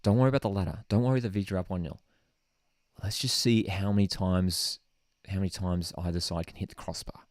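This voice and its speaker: An Australian man voicing a casual male footballer quietly rallying his teammates in the tunnel. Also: low voice, steady tone, fairly quick, no room sound, clean studio sound, natural voice. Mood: hushed rallying.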